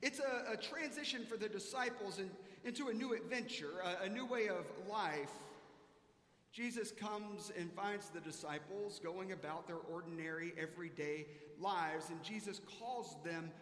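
A man's voice: high voice, moderate pace, fairly bright tone. A man preaching a sermon as a pastor, telling a self-mocking personal story. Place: church sanctuary. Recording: echoey church hall.

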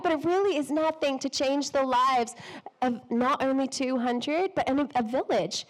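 A woman's voice: high voice, moderate pace, low-quality recording. A woman with a cold, preaching to women in a chatty, self-deprecating way, laughing often and sometimes losing her thread. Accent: a noticeable non-local accent. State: has a cold. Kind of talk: sermon.

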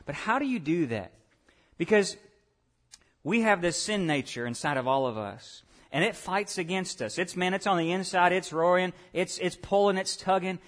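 A high-voiced male pastor with lively intonation preaches at a moderate pace. He questions his congregation directly, shifting from soft asides to loud, emphatic points.

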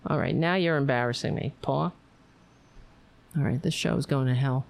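A woman's voice: extremely low pitch, moderate pace, gravelly. A tired woman hosting a casual livestream, chatting in a playful, rambling way. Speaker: livestream host.

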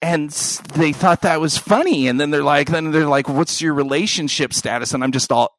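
A man co-hosting a podcast in casual chat, animated, laughing often and mimicking voices. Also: a little high, a little fast, hardly any pauses, no echo. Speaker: podcast co-host.

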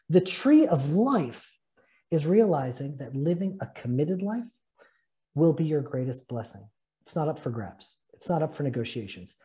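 A man's voice: fairly high pitch, very animated, moderate pace, dark tone. A man teaching a spiritual fellowship session, telling and reading a story earnestly and with feeling. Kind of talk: spiritual talk and read-aloud story.

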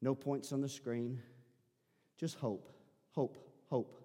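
A male pastor preaching a sermon, repeating his phrases and building up to shouting. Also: mid-range voice, fairly even intonation, slow pace, long reverb tail. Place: church sanctuary.

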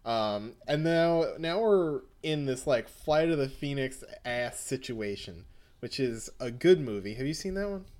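A man's voice: medium pitch, lively intonation, unhurried, a little mellow. A man co-hosting a podcast, casually recapping a comic, joking and acting out lines. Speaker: podcast co-host.

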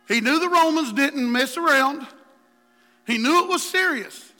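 High, bright-voiced impassioned male preacher. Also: expressive, a little slow. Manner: impassioned preaching, swings from hushed to shouting. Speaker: pastor. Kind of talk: sermon. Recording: long hall reverb.

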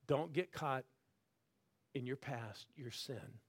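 A man in his sixties preaching a sermon, swinging from loud calls to the crowd down to soft, hushed lines. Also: medium pitch, normal speed, slightly rough. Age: 60s. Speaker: guest preacher.

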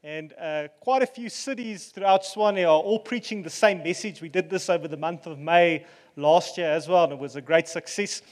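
A man preaching a sermon as pastor, earnest and relaxed, with fillers and asides. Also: on the high side, normal speed, long reverb tail.

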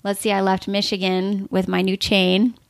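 A woman guest on a podcast, telling animated, conversational stories with lots of "like" fillers. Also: medium pitch, normal speed, gravelly, dry recording, clean studio sound. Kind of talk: conversational storytelling.

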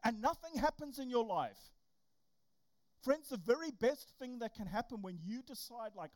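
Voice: medium pitch, moderate pace. A young adult preacher giving a casual, conversational sermon and acting out quotes. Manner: conversational, animated, acts out quotes. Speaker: youth camp preacher.

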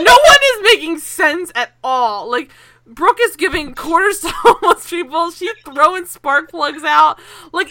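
Animated high bright-voiced woman. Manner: animated, laughing, swears freely. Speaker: podcast co-host. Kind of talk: casual TV recap chat.

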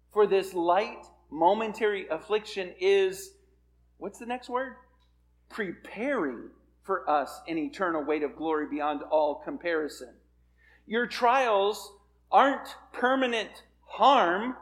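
A man preaching a sermon as a pastor, earnest and building to emphatic peaks. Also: sits high.

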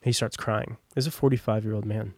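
A man's voice: on the low side, steady tone, fast, a little mellow, breathy edge, dry recording. A young man telling his personal testimony as a podcast guest, in a casual, rambling way full of fillers. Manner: casual, rambling, heavy on "like" and "long story short".

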